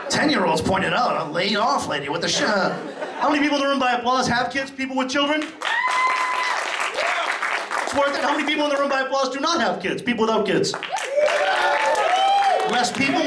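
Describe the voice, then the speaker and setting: A brash, foul-mouthed stand-up comedian with a strikingly high voice works the crowd. He sounds distant from the mic in a roomy club, with loud laughter and noise around him. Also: animated, a little fast. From Massachusetts. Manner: brash, profane, rowdy crowd work. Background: audience laughing and applauding.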